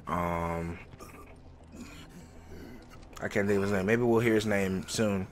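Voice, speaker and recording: A man's voice: on the low side, slow pace, pauses often, noisy background. A man hosting a let's play, rambling and thinking aloud as he reacts emotionally to the story. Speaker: gaming host.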